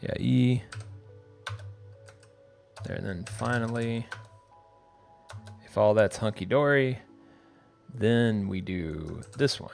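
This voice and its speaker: Slow, gravelly-voiced male streamer, live-coding and thinking aloud; typing and faint music in the background. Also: fairly low pitch. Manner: muttering to himself while typing code. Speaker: developer livestream host. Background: keyboard typing, faint music.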